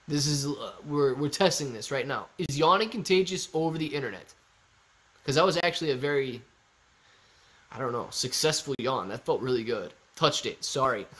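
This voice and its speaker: A young man hosting a casual stock-trading livestream, reading viewer comments in a goofy, animated way that swings between shouting and mumbling. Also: a little high.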